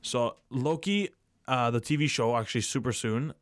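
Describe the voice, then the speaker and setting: A young man with a mid-range voice co-hosts a podcast, talking at normal speed in a casual, rambling chat full of fillers and restarts. The recording is studio quality with no room sound.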